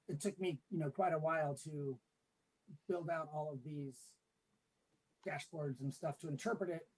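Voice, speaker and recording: A man presenting his mapping work to a committee in a relaxed, explanatory way, with many fillers. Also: on the high side, breathy edge, rough recording. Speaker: city staff presenting a tree map. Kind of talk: meeting presentation. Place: public meeting room with remote attendees.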